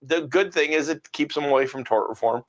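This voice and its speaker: A man's voice: fairly high pitch, a little fast. A man in a casual panel chat, giving wry commentary with frequent hesitations and restarts.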